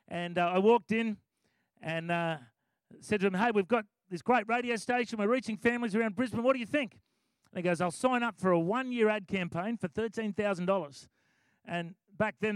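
Australian man, middle-aged, preaching testimony, high voice, dry close sound, chatty storytelling. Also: no room sound. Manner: enthusiastic, conversational storytelling. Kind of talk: sermon testimony.

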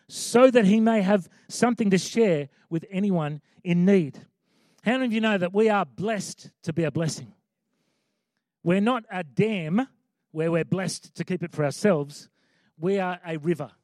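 A man's voice: high voice, dark tone, no echo, studio quality. A man preaching a sermon as pastor, conversational with emphatic repeated lines.

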